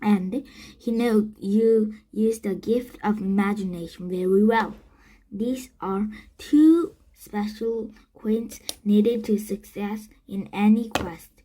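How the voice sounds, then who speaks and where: Brief: a woman playing a wise storybook enchantress, hushed and breathy, slow delivery. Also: mid-range voice. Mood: gentle.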